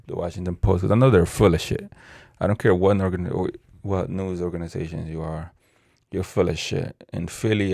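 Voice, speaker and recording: A man's voice: sits low, gravelly, mellow, husky, no echo, clean studio sound. A man from ranting casually on his own video, profane and rambling, stumbling over words as he reads the news aloud. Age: adult with a child. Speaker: vlogger.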